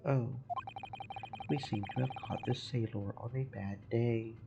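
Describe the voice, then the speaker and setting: A man voicing a gentle, proper young woman assistant who speaks formally and courteously. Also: mid-range voice, measured pace, vocal fry. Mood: polite. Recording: muffled with steady background noise.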